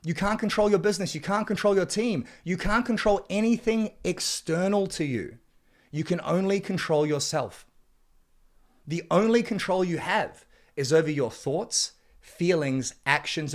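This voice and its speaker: A man delivers a self-help chapter in a blunt, preachy way, dropping swear words as he presses his points. His voice sits a little higher than most men's. He surges louder when he hammers home a message. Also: animated, normal speed. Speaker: men's coach narrating his book chapter. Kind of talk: motivational self-help reading.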